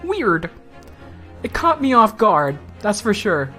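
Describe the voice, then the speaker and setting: Woman streamer, unhurried delivery, blunt, swears a lot, faint game music behind. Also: mid-range voice, sing-song, fairly bright tone. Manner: blunt, swears a lot, laughs often, chatty asides. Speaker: let's play streamer. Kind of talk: casual gameplay commentary.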